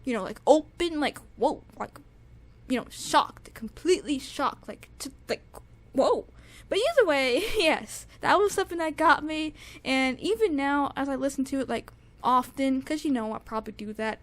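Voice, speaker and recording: A young woman with a high voice reviews music in a casual, gushing way. She repeats herself, stacks up fillers and restarts, and keeps circling back to how amazed she is. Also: lively intonation, moderate pace. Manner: gushing, repetitive, lots of "like" and restarts.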